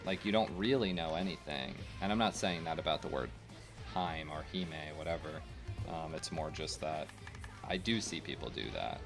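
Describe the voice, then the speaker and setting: A young American man streams a game and chats casually with viewers, rambling and opinionated with lots of fillers. His voice is very deep and his speed normal, with faint game music in the background.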